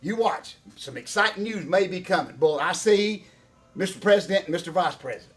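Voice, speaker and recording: A man's voice: high-pitched, animated, a little fast. A middle-aged man, co-hosting a casual wrestling chat in a folksy, rambling way and coming back to the same catchphrases. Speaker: co-host.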